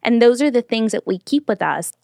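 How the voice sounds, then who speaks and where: Lively storytelling woman host. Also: on the high side, brisk, creaky, no echo, clean studio sound. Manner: lively storyteller, does voices for quoted people. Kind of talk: casual storytelling chat.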